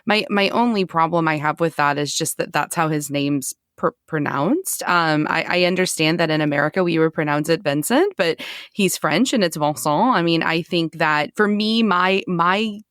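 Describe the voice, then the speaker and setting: Female co-host, low pitch, dry close mic, chatty and halting. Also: fairly bright tone, smooth, no echo. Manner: chatty, with frequent ums and self-corrections. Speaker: podcast co-host. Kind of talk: casual podcast chat.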